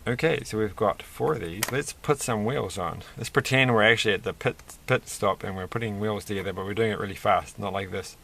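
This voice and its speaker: A man's voice: lowish voice, a little fast, creaky, hardly any pauses, bright, forceful tone, slight background noise. A man hosting a casual toy-building video, rambling and chatty with self-deprecating asides. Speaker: host.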